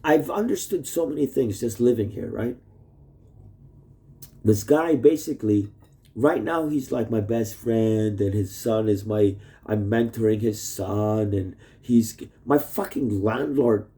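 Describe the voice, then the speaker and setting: Speaking a little slowly in a mellow, fairly low voice, a man rambles through a casual video message to his wife. He swears constantly and jumps around between topics, recording on a phone plugged in nearby in his messy rented room.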